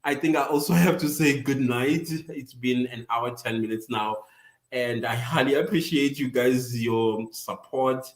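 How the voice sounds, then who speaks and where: A man's voice: medium pitch, measured pace, echoey room. A man hosting a casual livestream, chatting with viewers, teasing them by name and laughing often. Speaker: livestream host.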